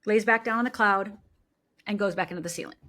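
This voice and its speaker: A middle-aged woman speaks with a bright, forceful voice. She tells her story with lively energy and acts out the people she quotes. She speaks as a life coach in a relaxed interview. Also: mid-range voice, fast.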